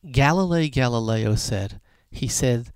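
A rabbi delivering a sermon in an animated storytelling way, changing his voice as he acts out the people in his anecdotes. His voice sits in a middle range for a man. The recording is dry and close. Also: medium pitch, a little slow, clean tone, no echo. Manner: animated storyteller, lively voice shifts.

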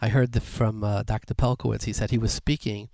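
A man giving a sermon as a rabbi, telling anecdotes and jokes with lively voice shifts. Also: on the low side, brisk, vocal fry, dry recording. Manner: animated storyteller, lively voice shifts.

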